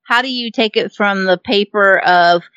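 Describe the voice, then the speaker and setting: A woman co-hosting a casual interview, chatty and quick to laugh. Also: medium pitch, fairly bright tone, clean tone, no room sound, dull audio. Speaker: podcast co-host.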